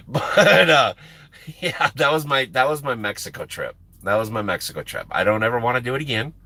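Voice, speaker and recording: Animated, swearing American trucker streamer. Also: male voice, mid-range voice, dry recording. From United States. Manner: animated, profane, laughing often. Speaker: live-stream host and truck driver. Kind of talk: casual storytelling on a live stream.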